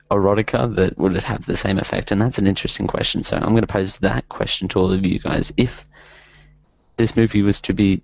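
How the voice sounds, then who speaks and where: A man's voice: lowish voice, creaky, darkish tone, no echo, poor audio. A man doing a casual, rambling film review segment for a podcast, hesitant and full of fillers, amused by his own jokes.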